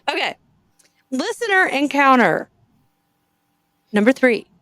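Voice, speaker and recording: A woman's voice: high voice, sing-song, slow pace, fairly bright tone, a little hiss or hum. A woman hosting a podcast, chatting casually and reading listener stories aloud with jokey asides. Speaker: podcast host.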